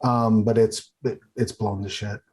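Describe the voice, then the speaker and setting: A man's voice: fairly low pitch, little pitch movement, darkish tone, husky. A man running a tabletop game as game master, narrating casually with many fillers and restarts. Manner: casual, halting, lots of fillers.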